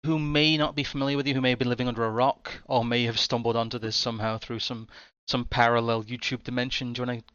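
A male host with a bright, crisp voice, talking in a chatty, rambling way. The sound is dry but somewhat dull and muffled, as if through a modest mic. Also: mid-range voice, level tone, fast talker, no echo. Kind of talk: casual interview hosting.

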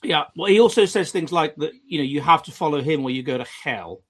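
Husky guy hosting a panel, a bit high, keeps restarting. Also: animated, fast, a bit bright. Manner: emphatic, many restarts. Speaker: host. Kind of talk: panel discussion.

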